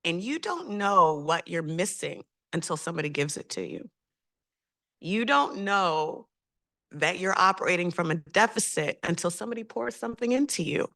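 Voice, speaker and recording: Low-voiced woman telling a heartfelt story. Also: expressive, moderate pace, sharp tone. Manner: heartfelt, reflective, often hesitant. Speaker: panel speaker. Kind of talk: personal storytelling at a community panel.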